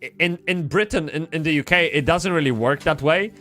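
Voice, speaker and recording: A man's voice: fairly high pitch, brisk, sharp tone, soft background music. A man from Poland, chatting casually while streaming a game, rambling with frequent restarts and swearing. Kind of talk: casual gaming livestream chat.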